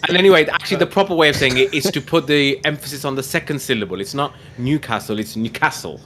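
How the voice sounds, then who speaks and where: A man's voice: on the high side, bright, forceful tone, a little hiss or hum. A man from near Birmingham, hosting a casual livestream chat and telling self-mocking stories. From England, near Birmingham. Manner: chatty storyteller, self-mocking, quick to joke. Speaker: podcast host.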